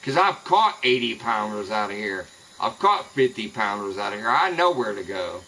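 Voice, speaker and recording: A man's voice: on the low side, big pitch swings, moderate pace, pushed and bright, slight background noise, low-quality recording. A man streaming a fishing game, ranting angrily and cursing constantly at rival streamers. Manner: profane, angry ranting. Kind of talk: live gaming stream rant.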